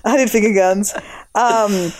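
A woman's voice: mid-range voice, steady tone, unhurried, a little mellow. Australian woman, chatty podcast co-host. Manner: chatty, laughs often, swears freely. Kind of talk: casual chat.

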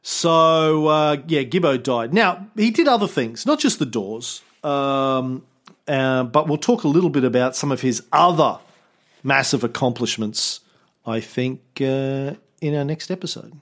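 A man's voice: medium pitch, expressive, a little slow, a bit bright. Irreverent joking male podcast host. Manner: irreverent, joking, swears freely. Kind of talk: casual chat.

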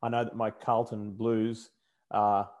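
Guest spot: Australian male commentator, lowish voice, stop-start casual delivery. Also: little pitch movement, darkish tone, muffled recording. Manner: halting, many fillers and restarts. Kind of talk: casual interview chat.

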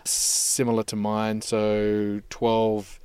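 A man's voice: on the low side, monotone, drawn-out words, darkish tone, clean tone, no room sound. A man on a podcast panel, telling stories about his sons in a reflective, rambling way. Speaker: podcast guest, voice-over artist. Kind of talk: casual panel chat.

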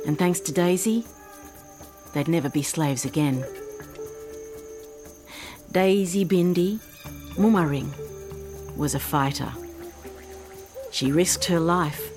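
A woman narrating a children's story podcast in a measured, gentle way. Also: sits low.

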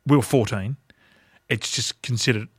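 A man's voice: medium pitch, moderate pace, breathy edge, dry recording, studio quality. A man with an Australian accent, co-hosting a podcast and telling stories in a blunt, matter-of-fact, self-mocking way. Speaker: podcast co-host. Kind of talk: casual storytelling chat.

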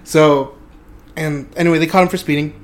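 Young adult man, slightly high-voiced, casual storyteller, laughs and swears a lot. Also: steady tone, moderate pace. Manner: laughs often, loose and swearing. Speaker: podcast host.

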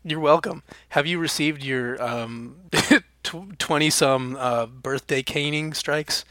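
Bright-voiced young man riffing jokes. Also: a little high, slow pace, dry recording. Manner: rambling, jokey, spins silly bits. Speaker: podcast co-host. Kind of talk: casual comedic chat.

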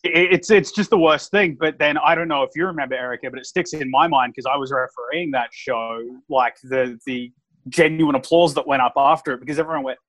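Animated man hosting a podcast. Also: mid-range voice, brisk, poor audio. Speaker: podcast host and wrestling referee. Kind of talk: casual podcast chat.

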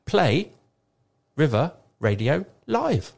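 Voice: medium pitch, sing-song, extremely slow, creaky, a little mellow. Playful co-host, bouncy intonation, casual studio banter. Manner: chatty, playful, jokey. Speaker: radio co-host. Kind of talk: casual radio chat. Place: radio studio.

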